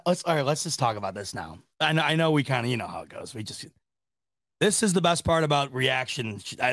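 A man's voice: mid-range voice, a bit bright, dry recording, studio quality. A man hosting a sports reaction podcast, talking casually in a rambling, exasperated way with lots of restarts and laughter. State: laughing to tears.

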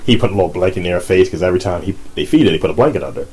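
Man, podcast co-host, husky voice, low pitch, swooping lively delivery, profane casual banter. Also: racing. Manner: animated, profane, laughs often. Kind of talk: casual chat.

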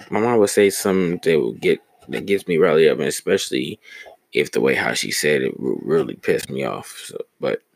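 Deep gravelly young man ranting. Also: dry recording. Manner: blunt, profane, heated storytelling. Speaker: podcast host. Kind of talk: casual solo podcast storytelling.

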